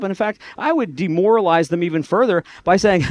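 Sarcastic man, lively swooping voice. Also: on the high side, fairly quick, hardly any pauses, no echo. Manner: sarcastic, animated, mock voices for others. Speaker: speaker addressing a live audience. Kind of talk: sarcastic talk to an audience.

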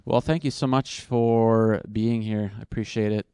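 A man's voice: on the low side, steady tone, normal speed, warm tone, clean tone, no room sound, clean studio sound. A man speaking at a conference and answering audience questions off the cuff, thinking aloud in a casual, self-deprecating way.

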